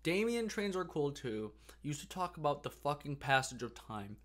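A man's voice: on the high side, very animated, normal speed, a bit bright. A man co-hosting a podcast in casual chat, talkative, swearing freely and slipping into silly voices. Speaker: podcast co-host.

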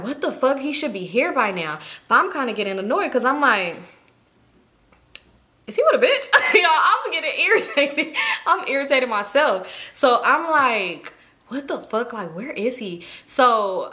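Bright-voiced young woman telling a wild storytime. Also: medium pitch. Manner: animated, slangy, swears freely, acts out her own lines. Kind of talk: casual storytime monologue.

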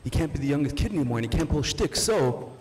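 A man performing a stand-up comedy set, telling stories in a halting, restarting way and acting out bits of dialogue. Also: on the high side, expressive, darkish tone, slight background noise. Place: comedy stage. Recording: echoey club room.

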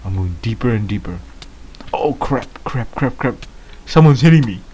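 A man giving excitable, baffled gameplay commentary as a first-time gamer, laughing often. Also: mid-range voice, moderate pace, slight background noise.

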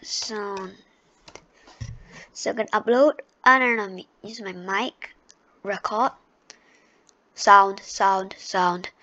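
A woman's voice: medium pitch, steady tone, very slow, long pauses, bright, forceful tone, dry recording, dull audio. A woman giving a casual screen-recorded tutorial into her computer microphone, chatty and unpolished, with many fillers and restarts. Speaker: tutorial host.

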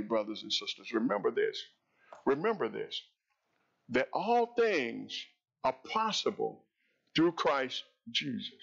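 A male pastor preaches in a church sanctuary, his voice gravelly and middle-pitched. He builds with repeated phrases, rising loud and high before sinking low and quiet. The recording sounds dull and lo-fi. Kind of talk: sermon.

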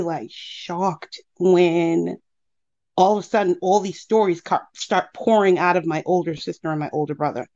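A woman in her thirties calling in, telling a personal story casually with lots of fillers and acted-out quotes. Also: fairly low pitch. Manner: animated, acts out quotes, many fillers. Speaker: caller. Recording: muffled lo-fi call audio.

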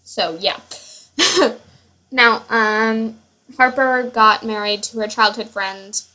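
A woman's voice: a little high, slow, sharp tone, poor audio. A young woman giving casual, rambling commentary on her Sims family, full of fillers and self-corrections. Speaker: Sims player.

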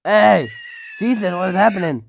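A woman's voice: medium pitch, lively intonation, moderate pace, vocal fry, noisy background. A woman hosting a reaction video, exclaiming in surprise at each clip and often breaking into gasps and laughter. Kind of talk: casual reaction commentary. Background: meme video audio and music playing.

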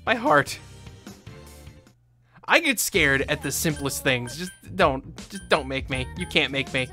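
Woman, let's play host, low voice, animated swings in pitch, jokey, easily spooked, faint music behind. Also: takes it slowly, long pauses. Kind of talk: casual gameplay commentary.

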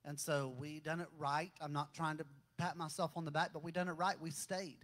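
A middle-aged pastor preaching his own story in a plain, folksy way. His voice sits fairly high for a man, and he pushes into fervent, raised calls to his congregation. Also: little pitch movement, brisk, a bit bright. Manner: folksy testimony, builds to fervent raised exhortation. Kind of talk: sermon.

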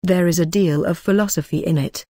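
A tipsy, mocking gentleman rambles in ornate, oily phrases, as a woman reads him. The voice sits fairly low. It is recorded close and dry. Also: brisk, no echo, natural voice. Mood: rambling. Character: drunk rambling older gentleman, sly and mocking. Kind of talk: audiobook character reading.

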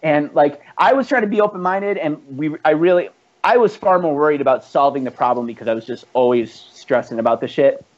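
A man's voice: a little high, fairly quick. A man, a band's founding musician, telling rambling, profanity-laced stories with laughs in a casual chat. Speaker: band founder and musician, guest. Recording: muffled lo-fi podcast recording.

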